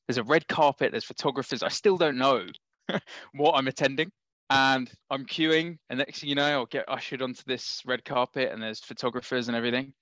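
A man with a London accent tells a lively anecdote as a podcast guest, laughing as he goes. His voice sits at an ordinary pitch. The sound is dry and close. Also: a little fast, no echo. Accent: London English. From England. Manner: animated anecdotal, laughs often. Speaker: startup founder guest. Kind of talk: casual podcast storytelling.

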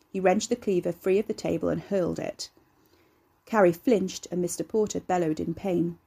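A woman narrating a serialized horror story in a steady, measured way. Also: lowish voice, gravelly, slightly rough. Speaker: narrator and author. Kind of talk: serialized horror fiction reading.

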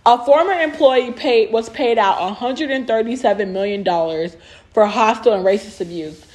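A woman's voice: on the high side, moderate pace, darkish tone. Blunt conversational woman co-host. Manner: blunt, conversational, reads out facts. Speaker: podcast co-host. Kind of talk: casual chat.

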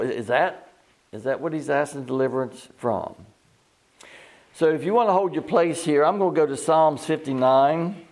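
A man's voice: fairly high pitch, normal speed, darkish tone. An older man preaching an informal sermon in a folksy, digressive way, often restarting his sentences and chuckling at his own stories.

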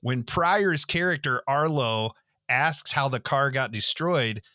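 A man's voice: mid-range voice, slow pace, pushed and bright, dry recording, studio quality. A man hosting a podcast, delivering grandiose introductions and asking interview questions. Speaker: podcast host.

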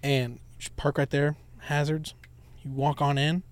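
A man, a delivery driver, casually explaining a shortcut to his coworkers in a relaxed, step-by-step way. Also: fairly high pitch, unhurried, no echo.

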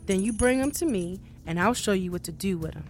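A woman's voice: medium pitch, lively intonation, a little fast, soft background music, natural voice. A woman voicing a sly male devil in a folktale who coaxes and confides with a scheme. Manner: coaxing, confiding.

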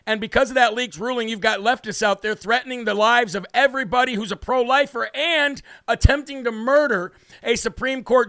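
A man's voice: very high voice, a bit bright, no echo, clean studio sound. A man hosting a live political talk show, brash and combative, with mocking asides to viewers. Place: home studio.

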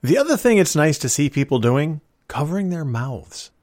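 A man's voice: on the high side, big pitch swings, moderate pace, a little mellow, no room sound, clean studio sound. A middle-aged man hosting a solo podcast, talking in a folksy, opinionated and wry way. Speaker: podcast host.

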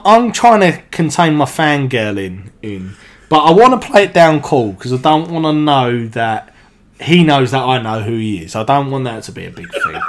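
A man, a podcast guest, telling anecdotes in casual chat, animated, swearing freely and laughing as he goes. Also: mid-range voice.

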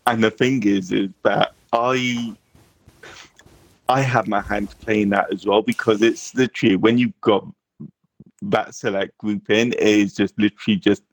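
A man co-hosting a casual podcast over an online voice call, rambling vaguely with halting restarts. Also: on the low side, steady tone. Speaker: podcast co-host. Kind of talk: casual chat.

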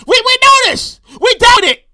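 A show host with a very high voice rants at normal speed in casual commentary. She's animated and profane, swearing freely and acting out what people said.

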